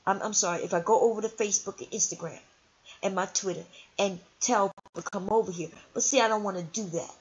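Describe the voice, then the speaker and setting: A woman's voice: mid-range voice, quick pace, husky. A woman hosting her own channel, talking casually and taunting her critics in a sassy, confrontational way. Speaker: channel host. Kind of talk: casual ranting livestream talk. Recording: dull lo-fi sound.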